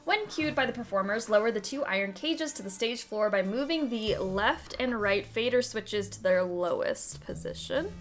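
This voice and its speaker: A woman's voice: mid-range voice, animated, normal speed, few pauses, faint music behind. Chatty giggly woman gaming commentary. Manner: chatty, giggly, reads instructions aloud. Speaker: video game let's-play host. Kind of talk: casual gameplay commentary.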